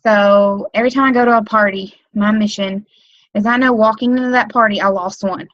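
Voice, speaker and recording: A woman's voice: mid-range voice, steady tone, brisk, no room sound, muffled recording. A woman giving casual training on a webinar, rambling with lots of um, like and you know. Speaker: direct sales consultant training new team members. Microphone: computer mic on a webinar.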